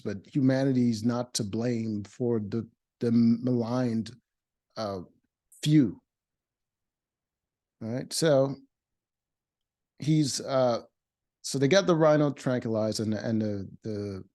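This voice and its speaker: A man's voice: medium pitch, a little slow, long pauses, mellow. A man casually reviewing a reality show episode, blunt and opinionated, with many fillers and restarts. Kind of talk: casual recap commentary.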